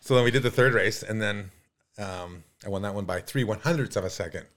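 A man in his fifties from Canada tells stories as a podcast guest. He is animated and rambling, and he fills his talk with fillers. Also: fairly low pitch, brisk. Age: 50s. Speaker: podcast guest, pro mountain biker. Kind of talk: casual storytelling.

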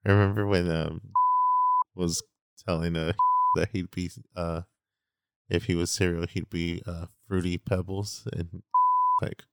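Very deep-voiced man, casual chat. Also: flat delivery, a little slow, creaky, fairly bright tone, smooth, dry recording, clean studio sound. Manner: rambling, slangy storytelling with lots of "like". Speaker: podcast co-host.

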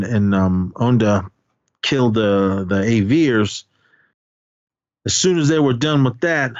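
A man with a smooth, fairly low voice co-hosts a podcast, casually summarizing a movie's story. He rambles, restarting sentences and using many fillers, in a dry recording with dull, lo-fi sound.

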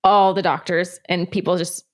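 Woman, 30s, slightly low voice; candid, rambling storyteller in an interview. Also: little pitch movement, normal speed. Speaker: guest. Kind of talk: personal story in conversation.

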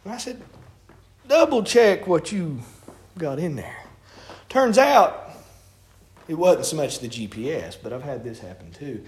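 Man preaching, high tenor, folksy storyteller, roomy church echo. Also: sing-song, unhurried, pauses often. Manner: folksy storytelling, colloquial grammar. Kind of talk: sermon. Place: church sanctuary. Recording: echoey church room.

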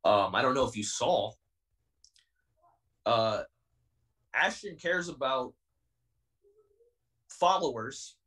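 A man's voice: medium pitch, expressive, takes it slowly, pauses often, fairly bright tone, recorded from a distance, low-quality recording. A young man in his twenties, a pro wrestler being interviewed on a podcast, talking in a heated, defiant and intense way. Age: 20s.

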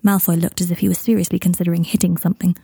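A woman narrating fan fiction in an even, steady storytelling manner. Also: on the low side, racing, creaky, slightly rough, no room sound, clean studio sound. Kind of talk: reading fan fiction aloud.

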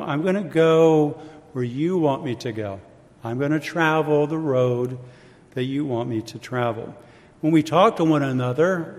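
A man preaching a sermon in a measured, reflective way, with conversational asides to his congregation. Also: mid-range voice. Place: church hall. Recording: long reverb of a hall.

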